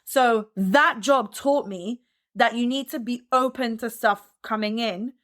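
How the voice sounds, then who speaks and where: A woman in her thirties speaks as an interview guest, in a chatty and upbeat manner. Her voice sits a little high. She often falls back on "like" as she talks. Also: a little slow, a bit bright. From France and the United States. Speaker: guest, dancer and teacher. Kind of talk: relaxed interview conversation.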